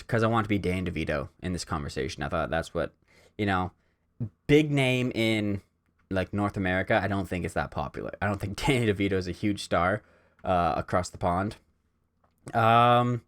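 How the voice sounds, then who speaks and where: A man's voice: deep voice, fairly quick, fairly bright tone. A young man from Canada hosting a casual solo podcast, telling stories in a rambling way with lots of "like" and "um". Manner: rambling storyteller, heavy on "like" and "um". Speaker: podcast host.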